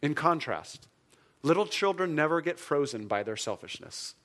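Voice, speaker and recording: Animated, conversational male preacher. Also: normal speed. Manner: informal and conversational, with many "like" fillers and restarts; animated, jumps up in pitch and volume for emphasis. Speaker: pastor. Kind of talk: sermon.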